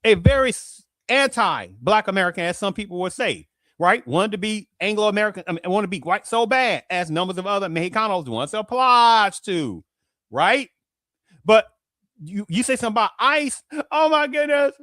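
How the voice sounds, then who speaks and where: A man with a high voice runs his own show as a commentary monologue, tossing out rhetorical questions and circling back to the same points. The sound is dry and close, with no room around him. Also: animated, normal speed, bright, forceful tone, no echo. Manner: rhetorical, repeats "right?" and "do you understand that?". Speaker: show host.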